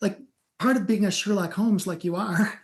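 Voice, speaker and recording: This man is the host of an interview show. He asks long, rambling questions and keeps pausing to clear his throat. He sounds conversational and unhurried. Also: high-pitched.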